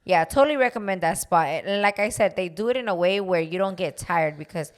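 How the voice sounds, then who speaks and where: A woman's voice: lowish voice, expressive, quick pace. A woman co-hosting a podcast in casual chat, laid-back and full of "like", switching into Spanish phrases now and then. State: tired after a flight. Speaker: podcast co-host.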